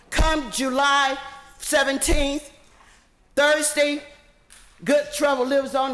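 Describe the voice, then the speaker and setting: A woman's voice: high voice, a bit bright. An older woman giving fiery, impassioned public testimony as a community activist, speaking in a preacher-like way. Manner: fiery, preacher-like, chanting slogans. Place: city council chamber. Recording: echoey council hall.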